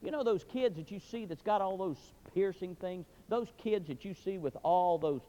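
A man preaching a sermon, telling a folksy story in an animated way with sudden loud bursts. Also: sits high, normal speed. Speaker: pastor. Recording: dull recording with long hall reverb.

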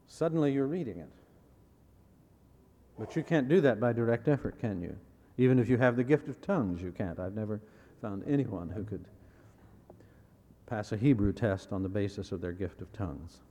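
A man preaching a sermon in a measured way, repeating key phrases and putting rhetorical questions to his listeners. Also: on the low side, mellow, in a large hall. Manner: asks the audience rhetorical questions.

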